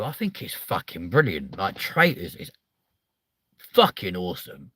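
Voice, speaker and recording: A man hosting a casual, comedic chat show, swearing freely and bouncing excitedly from one story to the next. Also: deep voice, unhurried, no echo. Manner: sweary, excitable, jumps between stories. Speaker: show host.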